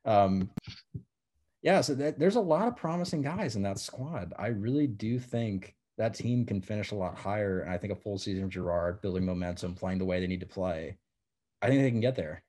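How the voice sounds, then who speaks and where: Low-voiced man, excitable and full of "like". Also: moderate pace. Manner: excitable, fills every phrase with "like". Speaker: podcast co-host. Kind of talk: casual sports chat.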